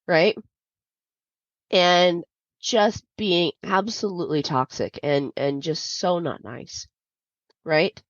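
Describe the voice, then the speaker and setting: A woman podcast host with a low voice tells a personal story, candid and confiding, with lots of fillers. The sound is dull, lo-fi, and dry, without any echo.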